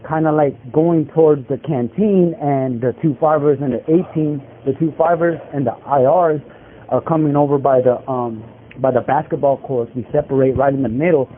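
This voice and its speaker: Telling his story from prison by phone, a man speaks at a moderate pace in a medium-pitched, steady voice. The line is tinny with faint hiss, and his casual street slang rambles along, heavy on fillers and plenty of likes and bros.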